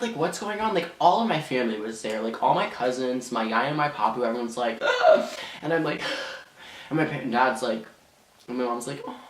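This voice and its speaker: A man's voice: medium pitch, a bit bright. Rambling teen boy telling a story. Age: teens. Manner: dramatic, rambling, many fillers. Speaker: vlogger. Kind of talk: storytime vlog. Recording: echoey room.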